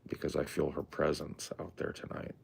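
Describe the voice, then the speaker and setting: A man's voice: a bass voice, monotone, moderate pace, vocal fry, slightly rough. A man co-hosting a podcast in casual, profane, rambling chat, talking from his home in the woods at night. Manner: laid-back, profane, rambling. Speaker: podcast co-host.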